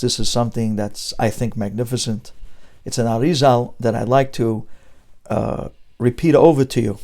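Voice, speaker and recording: A man's voice: mid-range voice, darkish tone. A man giving a Torah sermon as a rabbi, preaching emphatically with rhetorical questions and mixing Hebrew terms into English.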